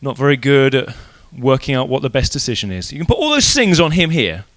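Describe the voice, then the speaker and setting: A man's voice: mid-range voice, fairly quick. A man preaching an evening church sermon in a casual, conversational way, telling the story animatedly. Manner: animated storytelling, acting out quoted voices.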